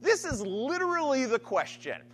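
A man's voice: extremely high pitch, moderate pace, a little hiss or hum. A man preaching a sermon in a conversational style, often checking in with "right?". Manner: conversational, keeps asking "right?"; animated storytelling.

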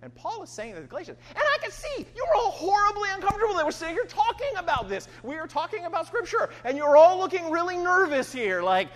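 A woman's voice: extremely high pitch, very animated, fast, hardly any pauses. A woman preacher delivering a sermon in an emphatic way, often asking her listeners "right?". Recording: long hall reverb, faint hum.

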